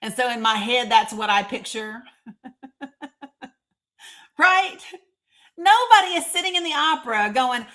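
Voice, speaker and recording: Bright-voiced Tennessee woman hosting a livestream. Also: a little high, big pitch swings, unhurried, long pauses. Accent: Northeast Tennessee. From Northeast Tennessee. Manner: chatty, emphatic, addresses commenters by name. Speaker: livestream host. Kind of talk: live-streamed commentary to viewers.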